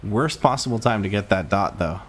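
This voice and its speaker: A man's voice: fairly low pitch, normal speed. A man streaming a game, giving casual, wry, joking commentary as he plays. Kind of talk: live gameplay commentary.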